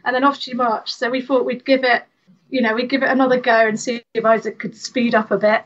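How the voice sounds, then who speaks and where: A woman with a fairly high voice tells stories in a chatty, animated way as a podcast guest. Her sound is somewhat dull and lo-fi. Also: fairly quick. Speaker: guest, hiking mother. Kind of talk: interview.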